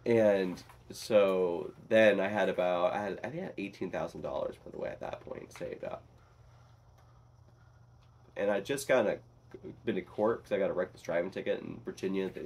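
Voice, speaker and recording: A young man with a deep, low-pitched voice talks straight to his audience in a casual vlog monologue. He rambles through his story, swears freely and leans on filler words as he goes. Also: a little mellow. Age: young adult. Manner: rambling, profane, full of "like" fillers. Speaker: vlogger.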